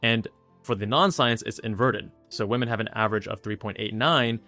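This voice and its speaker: A man's voice: on the low side, brisk, bright, forceful tone, soft background music. A man in his thirties, a YouTube host and doctor, talking casually as he walks through admissions statistics step by step. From South Asian heritage. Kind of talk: casual explainer talk.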